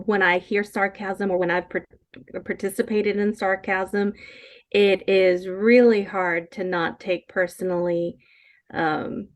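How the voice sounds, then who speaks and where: A woman with a mid-range voice speaks over a video call. She reflects thoughtfully, pausing and restarting as she searches for the right words. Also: mid-range voice. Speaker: game participant. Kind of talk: reflective personal sharing.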